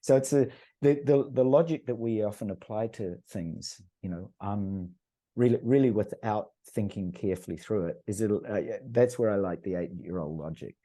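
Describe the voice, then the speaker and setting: A man's voice: fairly low pitch, normal speed, mellow. A middle-aged man, a podcast guest, talking in an earnest, rambling way with many restarts. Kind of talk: casual conversational storytelling.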